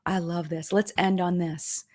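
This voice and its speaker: A woman's voice: on the low side, little pitch movement, measured pace, mellow, no room sound, studio quality. A middle-aged woman hosting a live-stream chat, talking casually and emotionally, with many fillers and restarts. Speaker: live-stream commentary host.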